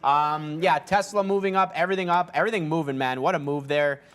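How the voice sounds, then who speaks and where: A man's voice: a little high, fast talker, fairly bright tone. A man co-hosting a live day-trading stream in a studio, giving loose market commentary full of fillers. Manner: rambling, trails off with fillers. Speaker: day trader co-host.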